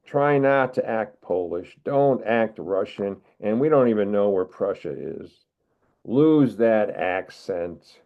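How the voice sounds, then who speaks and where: An older man from the United States, giving a wry, measured poetry reading as a poet. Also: lowish voice, lively intonation. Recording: narrow phone-like video call audio.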